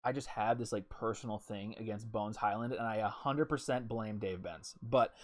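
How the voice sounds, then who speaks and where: A man's voice: lowish voice, normal speed. Chatty man with lots of fillers. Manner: hesitant, filler-heavy, opinionated. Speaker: podcast co-host. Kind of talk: casual sports talk.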